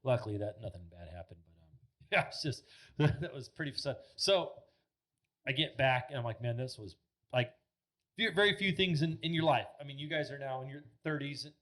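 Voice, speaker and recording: A man's voice: medium pitch, moderate pace. Thirty-something guy on a podcast, rambly storytelling, lots of "like", cusses freely, ordinary mid voice. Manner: animated, rambling, heavy filler words, swears freely. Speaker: podcast guest. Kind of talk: casual storytelling chat. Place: podcast studio.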